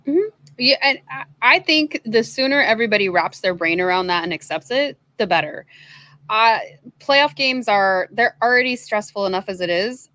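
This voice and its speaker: A woman co-hosting a casual baseball podcast, talking in an even-keeled, chatty way. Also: fairly high pitch, normal speed. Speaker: podcast co-host. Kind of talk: casual sports chat.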